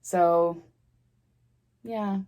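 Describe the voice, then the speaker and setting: A middle-aged woman with a low voice tells her story casually to camera. She rambles and restarts, sounding close to tears. It is a plain storytime vlog delivery. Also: steady tone, mellow. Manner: rambling, halting, emotional, restarts often. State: tearful, near crying. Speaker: vlogger.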